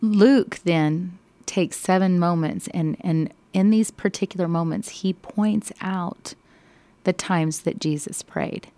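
Gravelly low-voiced woman telling a Bible story. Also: no room sound. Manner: expressive, slow and emphatic.

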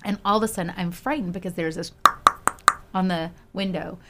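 A middle-aged woman telling a personal story in casual chat, animated and laughing often. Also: lowish voice, fast, very noisy. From Houston, Texas.

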